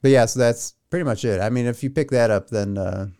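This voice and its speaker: A man's voice: mid-range voice, brisk, dark tone, clean tone. A young man hosting a podcast in casual chat, rambling, swearing casually and laughing at himself. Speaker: podcast host.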